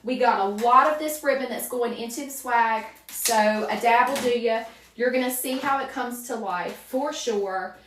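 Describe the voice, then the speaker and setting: A woman with a North Carolina Southern accent hosting a live crafting stream, chatting warmly with viewers by name as she works. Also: on the high side, normal speed, echoey room, far from the mic, a little hiss or hum. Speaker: livestream craft host.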